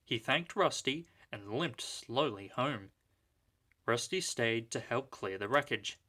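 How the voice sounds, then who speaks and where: A man reading a children's storybook aloud, narrating in a lively, expressive way. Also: medium pitch, takes it slowly.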